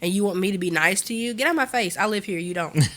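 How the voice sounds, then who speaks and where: A woman's voice: mid-range voice, expressive, quick pace, a bit bright, natural voice. A woman voicing a grumpy, rude male dog who scolds in a sassy way. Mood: scolding.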